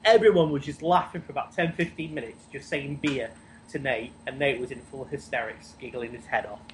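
A man's voice: mid-range voice, brisk, slight background noise, rough recording. A man on a podcast call telling a long, rambling anecdote, tripping over repeated words. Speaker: podcast co-host. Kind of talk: casual chat. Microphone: Skype call.

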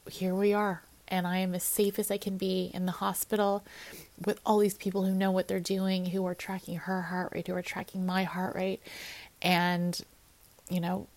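A woman's voice: mid-range voice, fairly even intonation, moderate pace. A young woman candidly telling her personal story in a casual, conversational way, with plenty of fillers. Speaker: fitness coach. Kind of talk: personal birth story vlog.

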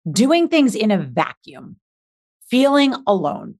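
A woman's voice: medium pitch, slow pace. A woman speaking as a guest on a podcast, an accountability coach who talks with energy and emphatic repetition. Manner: energetic, emphatic, repeats key words. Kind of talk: podcast interview.

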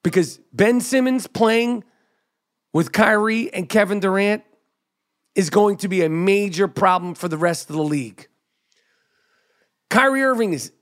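A middle-aged man hosting a podcast, giving an animated, emphatic sports commentary monologue into a studio mic. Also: sits high. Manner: animated, emphatic, drops to mock whisper. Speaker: podcast host.

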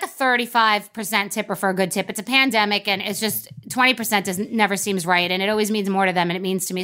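A woman's voice: medium pitch, pushed and bright. A woman hosting a podcast, telling a rambling comic story with many asides, then introducing a guest. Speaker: podcast host.

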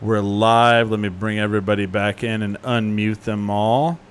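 A man's voice: lowish voice, level tone, normal speed, a little hiss or hum. A man hosting a live online talk show, chatting casually and joking with his guests. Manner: joking, does goofy voices. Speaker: podcast host. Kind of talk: casual live-stream chat.

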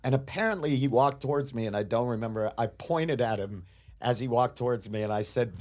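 A man telling animated stories as a podcast guest in casual chat, acting out what people said. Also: medium pitch, brisk. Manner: animated storyteller, acts out quotes.

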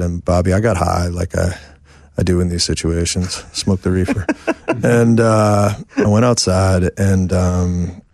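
A man's voice: low voice, creaky, no room sound, studio quality. A man from New York, a songwriter guest, telling a long rambling anecdote with lots of fillers. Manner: animated, rambling, many fillers. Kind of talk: anecdotal storytelling. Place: house.

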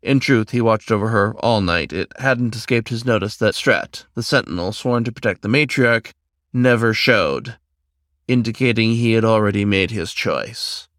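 Storybook narrator, man, low voice, steady reading, dry close recording. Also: normal speed, no room sound. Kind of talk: scripted narration.

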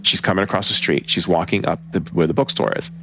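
A man's voice: sits low, steady tone, fast talker, bright, forceful tone, slight background noise. A man telling stories in a casual, rambling way, full of filler words, as a spiritual teacher. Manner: rambling, filler-heavy, conversational. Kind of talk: casual storytelling talk.

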